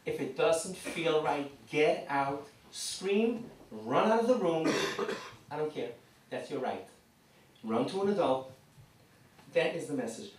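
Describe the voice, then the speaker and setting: Animated man lecturing in an echoey hall. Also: on the high side, slow, long pauses. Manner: animated, acts out little scenes. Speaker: seminar speaker. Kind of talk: lively lecture to parents. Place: community hall. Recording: echoey hall, mic from far off.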